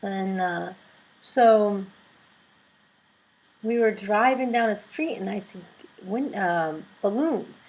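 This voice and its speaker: A woman video blogger telling a story in a casual, excitable and gushing way. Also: mid-range voice, takes it slowly, long pauses, poor audio.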